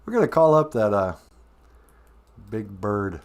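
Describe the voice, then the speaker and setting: A man's voice: lowish voice, lively intonation, measured pace. A man in his fifties hosting a comedy podcast, mocking a video clip in a sarcastic way. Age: 50s. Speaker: podcast host.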